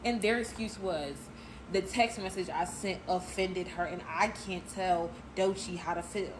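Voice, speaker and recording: A woman's voice: fairly low pitch, a little slow. A young woman telling a personal story in a casual storytime, chatty and talking straight to her viewers. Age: young adult. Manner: chatty, addresses viewers as y'all. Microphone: phone. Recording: noisy phone clip with ambience.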